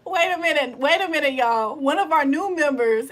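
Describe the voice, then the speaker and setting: A woman's voice: sits high, expressive, moderate pace, hardly any pauses, fairly bright tone. A woman hosting a casual livestream, reading chat aloud, playful and profane, laughing often and teasing viewers in a mock-preacher tone. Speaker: livestream host.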